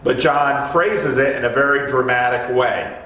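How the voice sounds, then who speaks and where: A man's voice: mid-range voice, fairly even intonation, a little slow, sharp tone. A man leading a Bible study in a church meeting room, explaining a passage in a chatty way and often restarting his phrases. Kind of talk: conversational Bible teaching. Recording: echoey room, mic from a distance.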